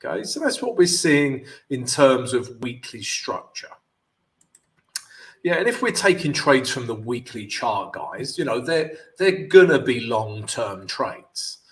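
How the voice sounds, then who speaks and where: With big swings in pitch and an unhurried delivery, this man's mid-range, somewhat bright voice carries a casual forex trading livestream. He's cheerful and chatty, calls his viewers "guys," and sounds slightly off since his mouth is numb from dental work.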